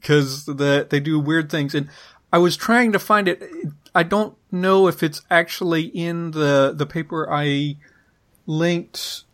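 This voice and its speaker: A man co-hosting a podcast, who talks slowly and a little high. He often stops to search for the right word, filling the gaps and starting his sentences over as he chats. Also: fairly bright tone. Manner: hesitant, many fillers and restarts. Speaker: podcast co-host. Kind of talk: casual linguistics discussion.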